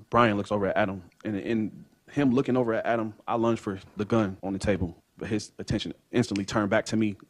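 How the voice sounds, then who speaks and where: Witness, male, low voice, talks fast, court testimony, plays out other people's lines. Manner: rapid storytelling that acts out others' remarks. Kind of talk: courtroom testimony, recounting events.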